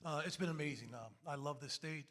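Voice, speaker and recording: Soft-spoken male guest. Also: on the high side, brisk. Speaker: guest speaker.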